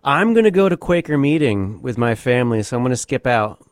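A man's voice: mid-range voice, very animated, a little fast, dry recording. A man co-hosting a radio show, chatting casually with short, easygoing replies. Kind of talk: casual on-air chat.

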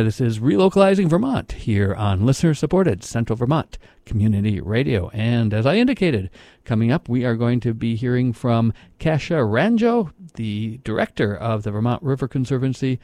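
A man with a dark, mellow voice hosts a community radio program from a dry studio. He talks in a casual, unhurried way, often pausing on fillers. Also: medium pitch, gravelly, no echo. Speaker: radio host.

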